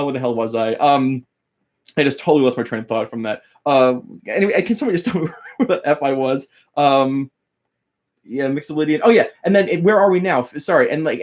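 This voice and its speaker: A man teaching guitar on a casual live stream, rambling, chatting with viewers by name and losing his train of thought. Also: fairly high pitch. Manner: greets chat viewers by name while teaching.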